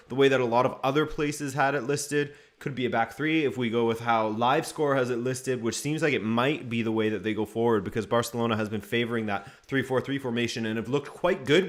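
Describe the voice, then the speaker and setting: A man hosting a live football watchalong stream, chatting casually, going over lineups and greeting viewers from the chat by name. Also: medium pitch.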